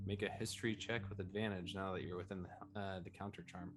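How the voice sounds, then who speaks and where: A man's voice: low-pitched, fairly even intonation, fast, music in the background. A man narrating a tabletop game as game master, in loose, filler-heavy speech.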